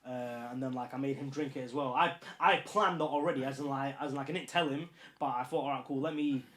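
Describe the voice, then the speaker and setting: A man's voice: medium pitch, fairly even intonation, fast, fairly bright tone. A man with a Northern English accent from Lincolnshire, a podcast guest chatting casually and rambling through lots of fillers. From Lincolnshire, England. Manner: rambling, filler-heavy, repeats "you know what I mean".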